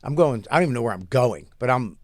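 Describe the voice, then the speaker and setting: A man's voice: mid-range voice, expressive, fast talker, a little mellow, no echo. Man rambling through a profane story. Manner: loose, profane storytelling with restarts. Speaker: podcast co-host. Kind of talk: casual chat, storytelling.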